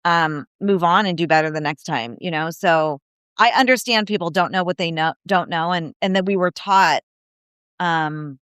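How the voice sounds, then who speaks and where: A woman guest on a podcast, speaking casually and telling animated stories, acting out the people she quotes, with frequent "you know, like" fillers. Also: fairly low pitch, moderate pace, smooth, no echo, studio quality. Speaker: guest, disability advocate and speaker.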